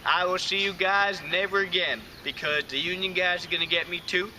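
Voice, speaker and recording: A man's voice: high voice, fairly even intonation, a little fast. A man anchoring a mock newscast, reading out items and sign-offs in a casual, jokey way. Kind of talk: mock news presenting. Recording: distant mic with loud hiss.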